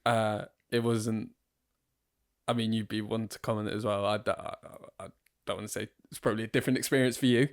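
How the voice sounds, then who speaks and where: A man's voice: fairly low pitch, little pitch movement, a little fast, gravelly. A young man co-hosting a casual podcast, rambling and laughing often, with frequent restarts. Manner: giggly, rambling, restarts a lot. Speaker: podcast co-host.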